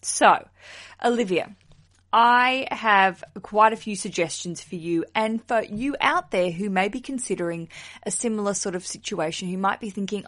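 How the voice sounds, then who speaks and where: A woman hosts her own podcast in a relaxed, chatty solo format. She is blunt and outspoken, drops swear words freely and laughs as she goes. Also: medium pitch, moderate pace. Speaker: wedding podcast host. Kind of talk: casual solo podcast chat.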